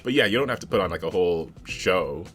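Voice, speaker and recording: A man's voice: deep voice, lively intonation, fast talker, a bit bright, soft background music. A man co-hosting a podcast, chatting casually and easily about tabletop role-playing. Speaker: podcast co-host.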